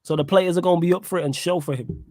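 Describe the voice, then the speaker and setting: A man's voice: high voice, steady tone, racing, dark tone, no echo, clean studio sound. A man from England hosting a football podcast, teasing and laughing often. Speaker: podcast host. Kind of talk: casual football podcast chat.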